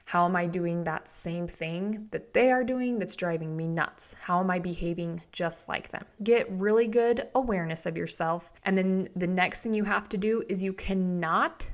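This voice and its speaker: Animated chatty woman coaching on marriage. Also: lowish voice, moderate pace, few pauses. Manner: animated and chatty, acts out quoted thoughts. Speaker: marriage coach and podcast host. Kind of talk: solo podcast talk.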